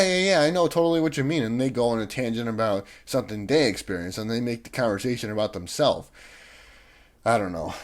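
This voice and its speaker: A young man vlogging, ranting in a rambling, irritated way with many restarts and fillers. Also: medium pitch. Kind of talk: casual ranting monologue.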